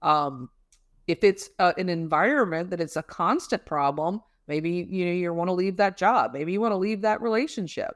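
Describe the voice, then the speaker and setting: Dry-sounding woman explaining calmly. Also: lowish voice, normal speed, dry recording. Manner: conversational, many fillers, explains with homely images. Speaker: guest expert on emotional regulation. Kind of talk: casual explanatory interview talk.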